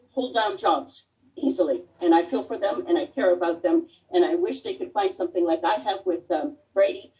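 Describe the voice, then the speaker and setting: A middle-aged woman shares her own story as a guest speaker, earnest and heartfelt, often pausing with small fillers as she gathers her thoughts. She sits back from the microphone on a video call, so her voice sounds a little distant. Her pitch sits in an ordinary middle range. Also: darkish tone. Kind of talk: personal testimony talk.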